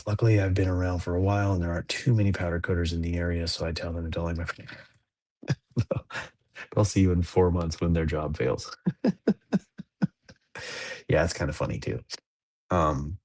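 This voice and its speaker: A man's voice: low-pitched, steady tone, normal speed, a little mellow. A man in his thirties, a podcast co-host, talking casually in a rambling, laid-back way with lots of fillers and restarts. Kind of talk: casual chat.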